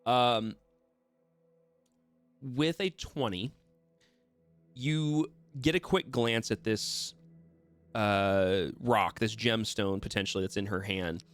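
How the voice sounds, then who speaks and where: A man's voice: lowish voice, slow pace, pauses often, soft background music. A man running a tabletop game as dungeon master, narrating casually with fillers and restarts.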